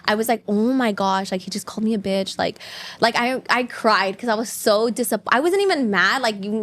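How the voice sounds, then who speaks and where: A woman's voice: mid-range voice, fairly quick, fairly bright tone. A young woman in her twenties, a podcast guest telling personal stories in casual chat, full of "like" and acted-out quotes. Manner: chatty, heavy use of "like", acts out quotes.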